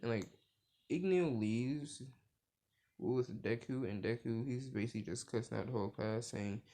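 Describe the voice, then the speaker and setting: Gravelly young man rambling through a story. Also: medium pitch, moderate pace, mellow. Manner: rambling, heavy filler words, profane. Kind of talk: casual fan-story retelling.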